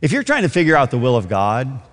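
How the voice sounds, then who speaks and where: A man preaching a sermon slowly and deliberately, his voice rising in prayer. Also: medium pitch, huge pitch swings, fairly bright tone. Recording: long hall reverb.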